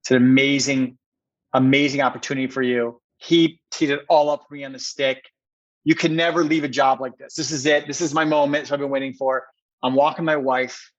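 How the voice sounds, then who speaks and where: A man's voice: medium pitch, level tone, fairly quick, dry recording, lo-fi sound. A man, a company co-founder, telling a personal story as a podcast guest, earnest and repeating words for emphasis.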